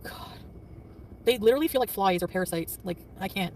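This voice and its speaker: A woman rattles through a casual livestream, defensive and quick to snap back at anyone in her chat. Her words tumble out at a hurried clip. She sits away from the mic, with a faint hum of traffic behind her. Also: mid-range voice, darkish tone, distant mic. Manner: quick, defensive, often laughing and snapping back.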